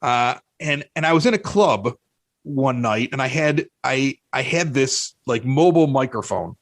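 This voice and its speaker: A man with a Chicago accent, a podcast guest telling animated, self-mocking stories in casual chat, often restarting his sentences. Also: mid-range voice, measured pace, no echo.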